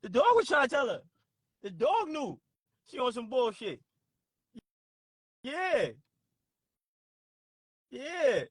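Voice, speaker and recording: A man hosting a casual livestream, laughing often and reacting loudly and profanely to his chat. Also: very high-pitched, very animated, slow, long pauses, breathy edge, no room sound. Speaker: livestream host.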